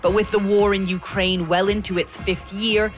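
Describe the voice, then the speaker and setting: A woman reading a scripted news report in a measured broadcast delivery. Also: medium pitch, flat delivery, soft background music.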